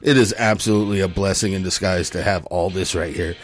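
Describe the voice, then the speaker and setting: A man's voice: deep voice, fairly even intonation, fairly quick. A man in his forties co-hosting a live local radio show outdoors, talking in an enthusiastic, rambling way that keeps restarting. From Nevada, United States. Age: 40s. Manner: enthusiastic, rambling, self-interrupting. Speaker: volunteer radio co-host. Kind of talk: casual radio chat. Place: outdoors at a parking lot concert stage.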